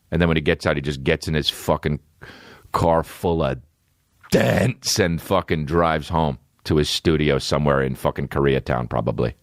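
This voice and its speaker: A man hosting a comedy podcast, riffing in a profane, animated rant full of repeated phrases. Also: sits low, dry recording, studio quality. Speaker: podcast host.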